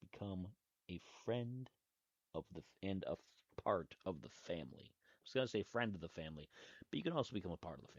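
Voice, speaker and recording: This podcast host has a low, creaky voice. Talking casually on his own show, he rambles loosely with restarts and asides, and the lo-fi recording sounds dry and dull, with no echo.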